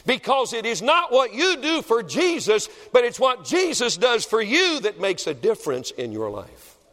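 Man, evangelist, dramatic revival sermon, shouts then drops to a hush, wide-ranging pitch. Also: wildly swooping pitch, normal speed. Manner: dramatic, swings from shouting to hushed tones. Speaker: evangelist preacher. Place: church building. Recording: long reverb of a large hall.

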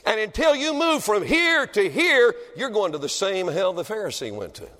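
A male evangelist preaching a revival sermon in a church, swinging dramatically between shouting and hushed tones. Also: sits high, big pitch swings, moderate pace. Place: church building. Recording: long reverb of a large hall.

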